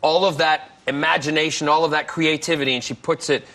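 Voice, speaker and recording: A man's voice: fairly high pitch, little pitch movement, a little fast, pushed and bright. A man from Scotland, a guest co-author on a TV chat show, talking in an enthusiastic, chatty way.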